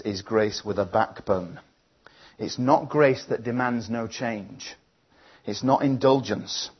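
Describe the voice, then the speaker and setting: Earnest man preaching, husky voice. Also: mid-range voice, lo-fi sound. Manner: earnest, reflective storytelling with restarts. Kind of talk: sermon with a personal story.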